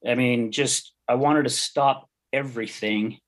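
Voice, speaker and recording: Speaking at a measured pace with a steady, medium-pitched voice, a middle-aged man recounts his own story as a guest on a podcast. It's an interview testimony, and he comes across as earnest, heartfelt and candid.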